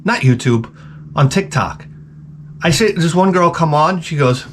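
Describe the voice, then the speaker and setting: A man's voice: fairly high pitch, lively intonation, slow pace, long pauses, slight background noise. A man hosting his own channel, talking in a rambling, offhand way with lots of fillers and restarts. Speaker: channel host. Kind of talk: rambling casual monologue.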